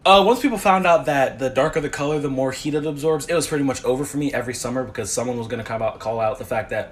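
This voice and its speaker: A man from the United States listing experiences to camera in a dry, deadpan way. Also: mid-range voice, very fast, hardly any pauses. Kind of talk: casual talk to camera.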